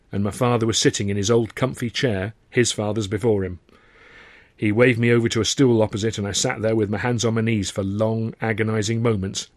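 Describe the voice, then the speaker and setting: A man's voice: lowish voice, no echo. A man reading his own novel aloud, narrating with dry, wry timing and acting the dialogue. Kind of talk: audiobook narration.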